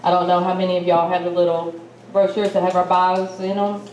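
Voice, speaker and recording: A middle-aged woman with an East Texas accent tells a personal story in a chatty, folksy way, her voice low-set and mellow. She is speaking into a roomy hall with a little noise behind her. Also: monotone, brisk. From Malta, Texas. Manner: chatty, folksy, laughs while telling. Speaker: symposium speaker. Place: conference hall.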